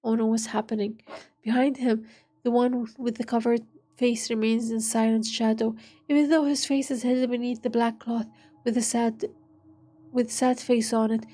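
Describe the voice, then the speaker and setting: A woman's voice: on the high side, level tone, normal speed, warm tone. A woman streamer reading an interactive story aloud, stumbling over words and breaking off with joking asides.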